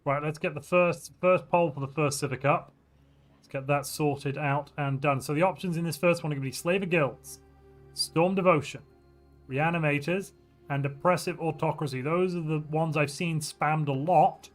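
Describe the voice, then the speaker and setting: Guy streaming a strategy game, slightly high voice, chatty and playful, bit of music behind him. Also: fairly even intonation, moderate pace. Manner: chatty, reads viewer chat aloud and reacts; playful, muses aloud while weighing options. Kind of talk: casual livestream gameplay commentary. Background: faint background music.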